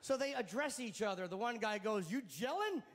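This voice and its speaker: Here a high-voiced man speaks a little fast during a stand-up set at a comedy club. His humor is sardonic and profane, with every punchline landed deadpan.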